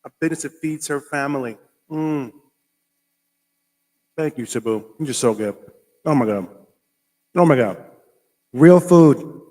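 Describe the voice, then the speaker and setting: A male host giving casual reaction commentary, reading food labels aloud in an animated, exclamatory way. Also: medium pitch, in a large hall.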